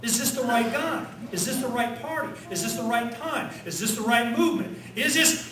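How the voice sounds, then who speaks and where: A man giving an animated rally speech at a conference, firing off rhetorical questions and leading chants. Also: very high-pitched, normal speed, heavy background noise. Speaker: conference speaker. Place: conference hall with audience. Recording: echoey hall, distant mic, crowd.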